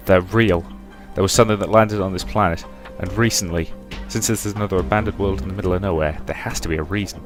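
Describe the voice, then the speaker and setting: Deep-voiced man reading a game aloud. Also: steady tone, quick pace, few pauses, soft background music. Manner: reads all characters' lines with shifting pitch and loudness. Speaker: game let's-player. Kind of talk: reading a visual novel aloud, voicing characters.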